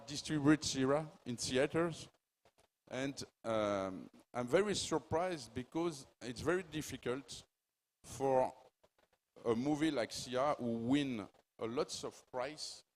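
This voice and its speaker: Slow-speaking man with a French accent. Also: medium pitch. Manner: halting, apologetic, self-deprecating. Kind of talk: panel speech.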